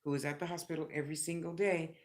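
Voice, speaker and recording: A woman vlogging in a casual, chatty way, telling a long personal story with lots of asides and lively retellings. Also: fast. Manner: chatty, animated, acts out others' lines in a high squeal.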